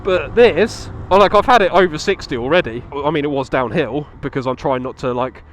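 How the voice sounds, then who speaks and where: A man's voice: fairly high pitch, a little fast, a bit bright, a little hiss or hum. Chatty man on a motorbike. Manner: chatty, laughs a lot, swears casually. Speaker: motovlogger. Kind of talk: casual chat while riding. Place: on a motorcycle outdoors on country roads.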